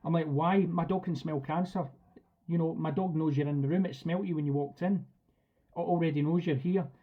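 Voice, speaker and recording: Male dog trainer, chatty and direct, slightly high voice, dull lo-fi stream audio. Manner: chatty and direct, acts out commands. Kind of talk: live online class talk.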